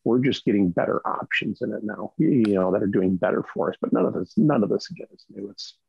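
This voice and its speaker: A man's voice: fairly low pitch, lively intonation, fast talker, creaky, dull audio, a little hiss or hum. A man on a podcast panel chatting casually and emphatically, often checking in with "right?". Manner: emphatic, keeps asking "right?".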